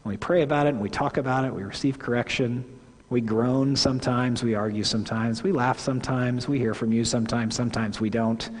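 The forties-aged lead pastor keeps a steady tone in a mid-range voice, moving a little quickly through his heartfelt, chatty sermon and revising himself mid-thought. Long hall reverb fills the sanctuary recording.

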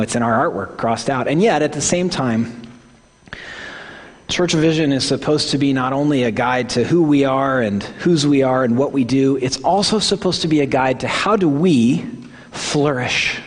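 A man in his forties with a Midwestern accent, preaching a sermon in a candid, self-deprecating, conversational way. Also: mid-range voice. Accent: Midwestern American. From American Midwest. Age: 40s. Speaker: pastor. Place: church hall. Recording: long reverb of a church hall.

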